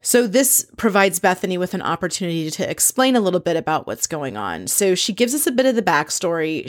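A woman's voice: mid-range voice, no room sound, studio quality. A woman casually recapping a reality show episode, chatty and opinionated, sometimes acting out what the cast said. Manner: chatty, opinionated, acts out quoted lines.

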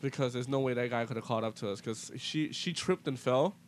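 A young man in casual chat, telling a ghost story in a halting way with many restarts. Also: slight background noise. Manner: halting, full of restarts and fillers, low-key.

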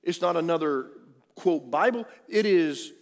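A man's voice: expressive, a little slow. Preaching man in an echoing hall. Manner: emphatic preaching, swinging from loud peaks to hushed low lines. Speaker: pastor. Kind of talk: sermon. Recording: long hall reverb.

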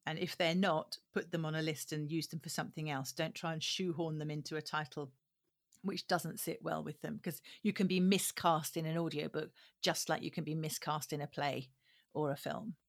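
Low-voiced woman, thoughtful and hesitant. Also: steady tone, moderate pace. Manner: thoughtful, frequent ums and restarts. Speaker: audiobook producer. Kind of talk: interview answers.

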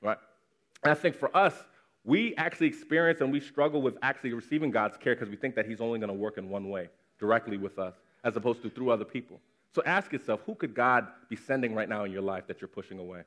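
A man's voice: mid-range voice, quick pace, a bit bright. Conversational male pastor preaching. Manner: conversational, repeats words for emphasis. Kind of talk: sermon. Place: church congregation.

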